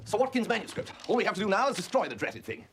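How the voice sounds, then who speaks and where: An actor playing a bumbling young gentleman who hesitates and stammers, in a period television comedy with a music score. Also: high voice, sing-song, rapid-fire. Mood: flustered.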